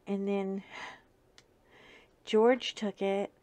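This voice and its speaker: A woman host chats casually and tells a funny story at an unhurried pace, often breaking into laughter. Her pitch sits in a middle range. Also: little pitch movement, dark tone. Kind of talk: casual chat.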